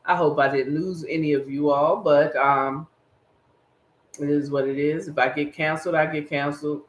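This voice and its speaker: Speaking at a normal speed, a man with a fairly high pitch and fairly even intonation hosts a podcast alone. His casual commentary rambles and hits points emphatically as he addresses viewers directly, with echo from the room.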